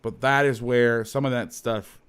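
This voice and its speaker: A man's voice: medium pitch, steady tone, measured pace, crowd noise. A man hosting as a football coach, breaking down game film in a heated, profane, emphatic way, repeating his points.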